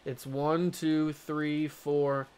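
Excitable young man narrating his baseball game. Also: fairly high pitch, very slow. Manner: excitable, repeats himself, swings from groaning to cheering. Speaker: gaming YouTuber. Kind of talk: casual gameplay commentary. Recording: game music underneath.

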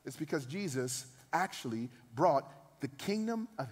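Pastor in his thirties, high-pitched man, preaches with build-ups to loud peaks; reverberant church hall. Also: lively intonation, measured pace, breathy edge. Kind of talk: sermon.

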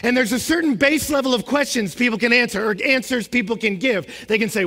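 This sermon comes from a young pastor with a very high, bright voice, pacing a little fast. Emphatic rising questions give way to low, quiet statements, all echoing with long reverb through a big hall.

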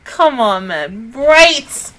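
A young woman hosting an anime reaction video, speaking, excitable and swearing freely, swinging between loud outbursts and hushed whispers. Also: fairly high pitch, drawn-out words, rough recording. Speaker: anime reaction channel host.

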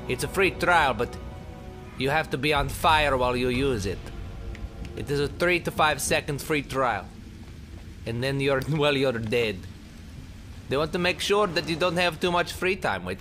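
A man's voice: mid-range voice, normal speed, fairly bright tone, slight background noise. A young man giving goofy, rambling gameplay commentary, joking at his own expense and breaking into mock screams. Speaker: let's play commentator.

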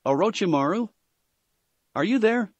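A man's voice: high voice, animated, unhurried, no echo, pitched above the performer's own voice. A man voicing a proud, stubborn young devil heiress who talks insistently. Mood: urgent. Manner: insistent, sharp-tongued.

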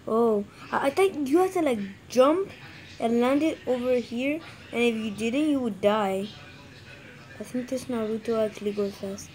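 A woman casually commenting on her own gameplay, excitable, swearing and yelling when frustrated. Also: a little high, normal speed. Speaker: gamer narrating own play.

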